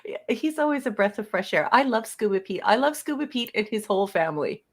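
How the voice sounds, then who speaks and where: A woman co-hosts a relaxed livestream with a mid-pitched voice. She laughs often, sends fond greetings to viewers and cheers the host along. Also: fairly quick. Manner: giggly, affectionate, cheering along. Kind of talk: casual livestream chat.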